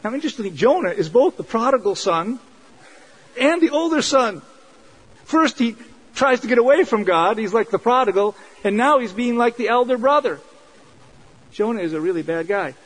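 A man's voice: very high voice, expressive, normal speed, breathy edge, low-quality recording. A man preaching a sermon in an earnest, conversational way, driving points home with repetition. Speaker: pastor.

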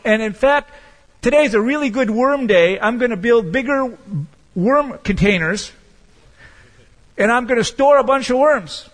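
A man voicing a worried, squawking male raven who shouts in a high voice. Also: lively intonation, unhurried, in a large hall, exaggerated voice. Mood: greedy.

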